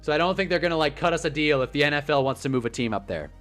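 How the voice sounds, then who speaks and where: A young man hosting a casual football livestream, animated and rambling, joking as he reacts to chat. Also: fairly high pitch, soft background music. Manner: animated, rambling, quick to joke.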